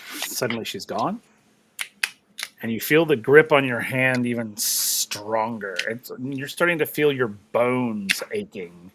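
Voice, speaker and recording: A man narrating as game master of a tabletop role-playing game, unhurried and descriptive. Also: medium pitch, noisy background.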